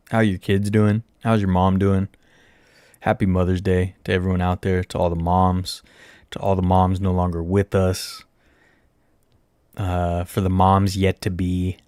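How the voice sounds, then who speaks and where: Low, unhurried male host, self-mocking livestream chatter, dry close sound. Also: mellow, dry recording. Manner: rambling, self-mocking, talks to viewers while searching. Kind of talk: casual livestream chat.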